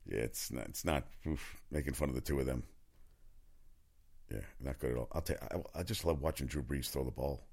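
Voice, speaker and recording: Low-voiced male sports ranter, loose and profane, jumps between stories. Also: brisk, creaky, a little mellow. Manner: rambling, profane, opinionated, frequent restarts. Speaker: sports talk commentator. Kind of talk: casual sports commentary monologue.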